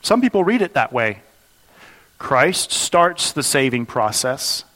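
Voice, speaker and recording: A man's voice: mid-range voice, very animated, slow pace, fairly bright tone, in a large hall. A man preaching an expository sermon, explaining a passage earnestly and posing rhetorical questions to the congregation. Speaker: pastor.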